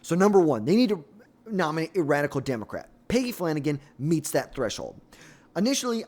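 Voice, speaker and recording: A man's voice: a little high, a little mellow. A man giving solo political commentary, blunt and opinionated, with exasperated asides.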